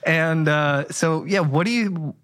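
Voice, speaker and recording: A man's voice: on the high side, slow, fairly bright tone. A man hosting a podcast, asking a rambling question with a laugh in his voice. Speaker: podcast host. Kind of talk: casual interview question.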